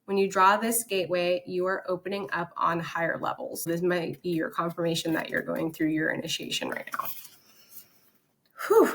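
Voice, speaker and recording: Young woman, slightly low voice, chatty, enthusiastic, casual card reading, reads text aloud. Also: fairly bright tone. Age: young adult. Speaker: spiritual content creator.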